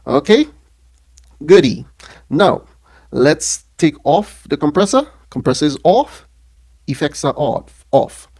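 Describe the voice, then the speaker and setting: A man's voice: fairly high pitch, sing-song, slow, pauses often, a little mellow. A man reviewing an audio mixer in a casual hands-on demo, talking into a studio mic run through the unit and checking in with the viewer after nearly every phrase. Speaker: product reviewer. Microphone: speaking into a studio mic run through the mixer being tested.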